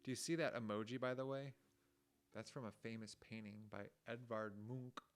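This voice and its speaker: This children's guitar lesson comes from a male music teacher on a home recording mic, chords strumming underneath. His mid-range voice holds a fairly even intonation at normal speed as he gently defines emotion words, performs them with sighs and groans, and chats through asides as he thinks aloud.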